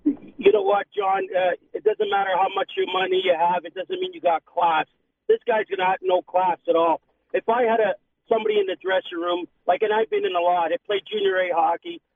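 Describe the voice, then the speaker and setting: Male caller, very high gravelly voice, indignant, far off on a phone line. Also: sing-song, a little fast, a little hiss or hum. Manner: indignant, rambling. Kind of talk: phone-in call. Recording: tinny distant phone line.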